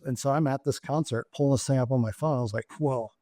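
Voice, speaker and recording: A man, a former military officer turned business executive, telling lively stories in an interview and acting out the dialogue. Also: medium pitch, fast talker, dry recording, clean studio sound. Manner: animated storyteller acting out dialogue. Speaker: guest, former Navy SEAL turned company executive. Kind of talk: storytelling in a casual interview.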